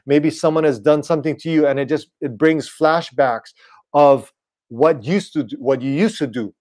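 A man preaching an online sermon in a relaxed, conversational way, often checking in with "right?". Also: a little high, normal speed. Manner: casual, repeats "right?" and "you know". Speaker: pastor.

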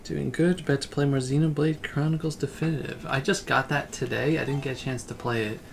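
A man's voice: mid-range voice, steady tone, brisk, gravelly, a little hiss or hum. A man chatting casually on a livestream while playing a game, laid-back and rambling. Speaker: game streamer. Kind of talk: relaxed livestream chat.

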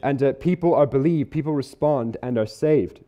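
Earnest man preaching, mellow voice. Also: medium pitch. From Isle of Man or UK. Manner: earnest, conversational, slows to stress key words. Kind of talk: sermon. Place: church hall.

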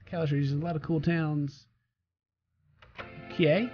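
A man's voice: a little high, fairly even intonation, unhurried, long pauses. A man casually commentating his gameplay as a let's play host, joking and chatting back at the game characters. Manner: jokey, talks to game characters and reads their lines aloud. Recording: slightly dull recording with faint game music.

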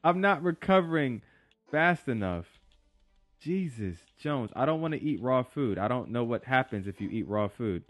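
A young man giving excitable, slangy commentary while he plays a game, yelping and talking to his creature. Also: mid-range voice, normal speed, dry recording. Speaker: gaming YouTuber. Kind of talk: live gameplay commentary. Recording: faint game music behind.

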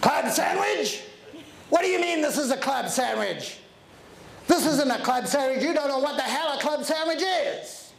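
A man's voice: extremely high pitch, expressive, unhurried, creaky, exaggerated voice. A man acting out a huge, rude airline passenger who whines and complains about everything, in an echoey room. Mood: grumbling, indignant. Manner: whiny, obnoxious grumbling.

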